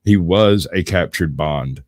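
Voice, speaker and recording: A man's voice: low-pitched, takes it slowly, dry recording, studio quality. A man hosting a casual live stream, rambling and laughing often as he talks. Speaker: host.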